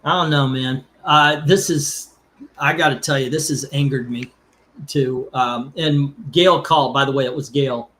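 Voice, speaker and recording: A man's voice: medium pitch, fairly even intonation, measured pace, a bit bright, a little hiss or hum. A man co-hosting a casual live stream, emotional and rambling, sometimes flaring into anger. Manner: emotional, rambling, rising to angry outbursts. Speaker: co-host of a comics channel.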